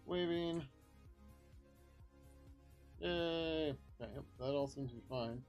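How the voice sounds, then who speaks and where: A man streaming live as a software developer, rambling casually with lots of ums as he thinks aloud over his work. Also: fairly high pitch, slow pace, highs cut off, faint music behind. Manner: rambling, many ums, muttering to himself. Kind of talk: casual thinking-aloud commentary while coding.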